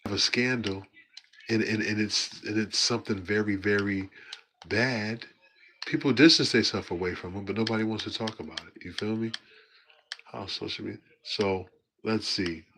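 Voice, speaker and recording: A man's voice: fairly low pitch, normal speed, pushed and bright, slight background noise. A man hosting his own livestream, commenting in a laid-back, slangy way with lots of fillers. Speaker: livestream host.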